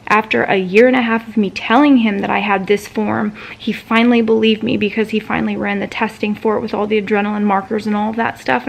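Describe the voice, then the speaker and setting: A woman's voice: a little high, vocal fry, a little hiss or hum. A woman vlogger casually recounting a conversation, chatty and full of fillers like "um" and "like". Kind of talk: casual storytelling vlog.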